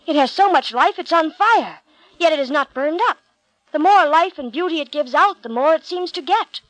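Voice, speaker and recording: A woman's voice: high-pitched, expressive, moderate pace, fairly bright tone, dry recording, low-quality recording. A woman voicing Moses, a humble, anxious male shepherd, speaking earnestly and pleading in a storybook reading. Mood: awed.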